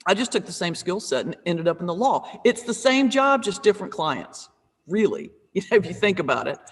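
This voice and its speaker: Woman in her fifties, pastor and comedian, tells lively funny stories on a video call with a long room echo. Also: lowish voice. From North Carolina, USA. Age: 50s. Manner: humorous, lively, self-deprecating. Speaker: pastor and comedian, interview guest. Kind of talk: conversational storytelling.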